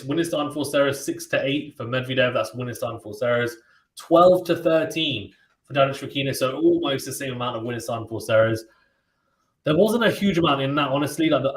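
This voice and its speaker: A man hosting a live tennis watchalong stream. He calls the play-by-play in a relaxed, chatty way and reads out viewer comments and reacts to them. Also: medium pitch. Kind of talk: live play-by-play commentary mixed with casual chat. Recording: roomy echo.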